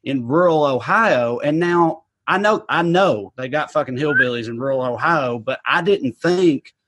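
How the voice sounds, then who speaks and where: A man, co-hosting a podcast in relaxed, rambling chat with casual swearing. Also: medium pitch, unhurried, noisy background. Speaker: podcast co-host.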